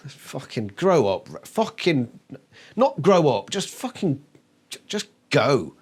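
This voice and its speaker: A man's voice: fairly high pitch, very animated, slow pace, breathy edge. A man reviewing a book on camera, exasperated and swearing constantly, mocking the characters by acting out their lines. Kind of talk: ranting video review.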